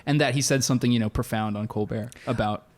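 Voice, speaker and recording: Laughing, animated male podcast storyteller. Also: mid-range voice, quick pace. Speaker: podcast co-host. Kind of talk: casual chat.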